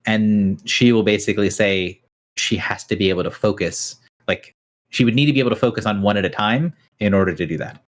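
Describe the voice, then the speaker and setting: A man's voice: lowish voice, a little fast. A man narrating a tabletop game as game master, talking casually with frequent fillers. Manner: casual, hesitant, many fillers.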